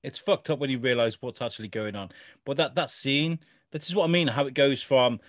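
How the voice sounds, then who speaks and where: A man's voice: medium pitch, fairly quick, no room sound, clean studio sound. A man co-hosting a casual chat, talking loosely, swearing, and acting out quotes as he retells scenes. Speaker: podcast co-host.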